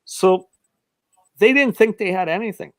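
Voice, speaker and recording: A man's voice: high-pitched, a little slow, a bit bright, no echo, studio quality. A man telling stories in casual chat, acting out voices, laughing often and stammering as he talks. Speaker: guest telling of sightings.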